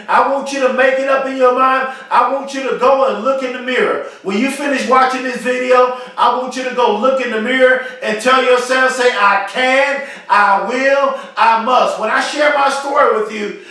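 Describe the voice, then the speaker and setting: A man's voice: extremely high pitch, steady tone, normal speed, few pauses, pushed and bright, heavy reverb, recorded from a distance. A man giving a motivational speech to camera, emphatic and repetitive, with a preacher-like rhythm. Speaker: motivational speaker.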